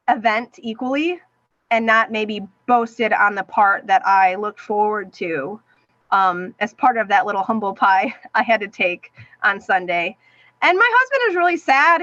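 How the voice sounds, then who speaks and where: A woman's voice: fairly high pitch, no echo. A middle-aged woman, a podcast guest, telling an emotional personal story and acting out what others said to her. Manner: animated, acts out quoted voices. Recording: dull, dry sound.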